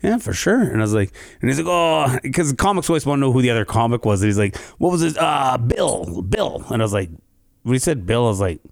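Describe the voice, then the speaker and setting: Man from canada, comedian, casual storytelling, lively pitch, dry close sound. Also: quick pace, vocal fry, no room sound. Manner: animated, jumps into high voices to act out others.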